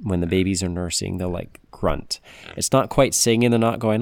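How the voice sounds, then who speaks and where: A man's voice: deep voice, moderate pace, gravelly, noisy background. A man hosting a playful animal-facts podcast for kids, chatty and goofy, full of puns and silly asides. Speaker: podcast host.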